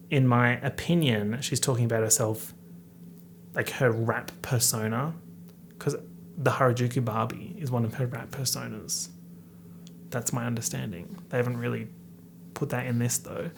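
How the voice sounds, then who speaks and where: A man's voice: medium pitch, moderate pace, a little hiss or hum. A man hosting a podcast, casually and playfully reading rap lyrics aloud and joking through his breakdown of them. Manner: playful, animated, reads lyrics aloud then jokes about them. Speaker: podcast host.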